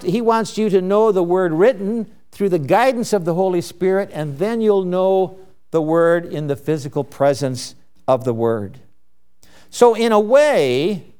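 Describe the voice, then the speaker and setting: A man with a high, clear voice delivers a sermon slowly and deliberately. He reads scripture aloud, then explains each word carefully and asks his listeners rhetorical questions. His tone is smooth and measured throughout. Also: a little mellow. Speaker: preacher. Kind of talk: slow expository sermon.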